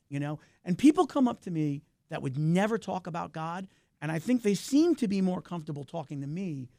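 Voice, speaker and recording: A middle-aged man talking as a filmmaker guest in a casual interview, animated and talkative, swinging his pitch up and down. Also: a little fast, gravelly, no echo, clean studio sound.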